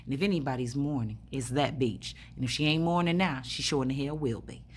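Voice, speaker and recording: A spiritual vlogger speaks a little fast in a bass voice, with a bit of hiss or hum on the recording. Lying in a hospital room, she rambles through a casual story, blunt, profane, and full of filler words.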